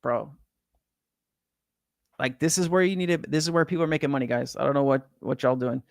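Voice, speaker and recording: A middle-aged man from California, streaming about crypto from his home in Hawaii, has a gravelly, medium-pitched voice and speaks fairly quickly in a dry, clean studio recording. He reads comments and banters casually with viewers, swearing and leaning on slang like "bro" and "man."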